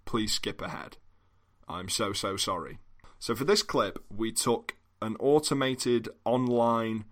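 A man's voice: fairly low pitch, fairly bright tone. A British man hosting a comedy podcast, talking in a dry, wry, mock-apologetic way. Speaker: podcast host. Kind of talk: casual comedy podcast talk.

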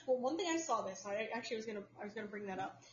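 A woman's voice: fairly high pitch, expressive, rapid-fire, a little hiss or hum. A woman co-hosting a podcast in casual chat, explaining at length with plenty of fillers and restarts. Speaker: podcast co-host. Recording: roomy, dull lo-fi sound.

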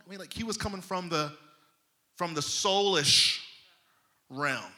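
A man delivering a sermon, his high voice pressing each point home with emphasis. The tone is very bright and cutting, and the delivery stays loose and conversational. He talks straight to the congregation, like a pastor in mid-message. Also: lively intonation, measured pace, pauses often. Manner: emphatic preaching, folksy and conversational.

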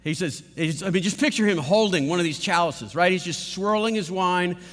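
A man's voice: high voice, fairly quick, fairly bright tone. A man preaching a sermon in a large auditorium, emphatic and full of rhetorical questions. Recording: long hall reverb.

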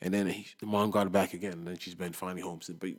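Animated young man in slangy chat. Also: rapid-fire. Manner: animated, slangy, swings from loud to low. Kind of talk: casual chat.

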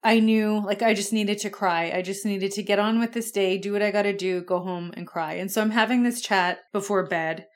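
A woman's voice: mid-range voice, fairly even intonation, normal speed, hardly any pauses. A young woman hosting a podcast, telling a personal story in a candid, conversational way, with fillers and the odd curse. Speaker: podcast host.

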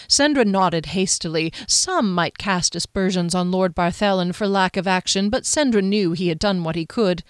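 A woman reading a novel aloud as an audiobook narrator in measured, even storytelling. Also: lowish voice, smooth, no room sound, studio quality. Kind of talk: scripted narration.

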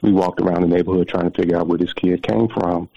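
Man in his forties, very low voice, gravelly, emotional storyteller who repeats words, muffled phone line. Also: steady tone, fast talker, mellow. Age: 40s. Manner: emotional, repeats words, preacherly near the end. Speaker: guest. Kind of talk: telling a personal story on a call-in show.

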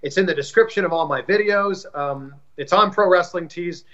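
An upbeat, friendly man from Canada chats as an interview guest. His voice sits a little high for a man. The sound is dull and lo-fi, like a remote call. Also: moderate pace, fairly bright tone. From Canada, suburb of Toronto. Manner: upbeat, self-promoting, friendly. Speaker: broadcaster and YouTube interviewer, guest. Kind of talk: casual interview chat.

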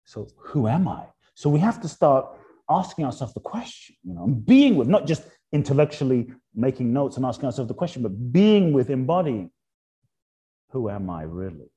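A man talking as an interview guest in a reflective spiritual conversation. He asks repeated rhetorical questions and drops soft and slow on key points. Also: medium pitch, sing-song.

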